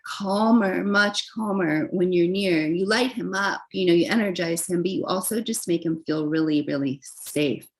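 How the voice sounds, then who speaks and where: A young adult woman giving a casual, chatty tarot reading, gentle in tone and full of fillers and soft laughs. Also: fairly low pitch, low-quality recording. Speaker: tarot reader.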